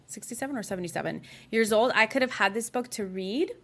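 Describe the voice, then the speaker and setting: A woman talking in a casual chat as a guest author, lively, acting out other people's lines as she tells stories. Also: fairly high pitch, fast talker, breathy edge. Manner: animated, acts out quoted people in raised voices.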